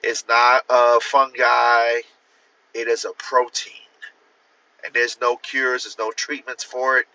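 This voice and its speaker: Male livestream host, casual and profane, rambling; bright, forceful tone, muffled phone audio. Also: mid-range voice, little pitch movement, slow pace. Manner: profane, rambling, talks straight to viewers; answers viewer comments. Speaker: author hosting a livestream.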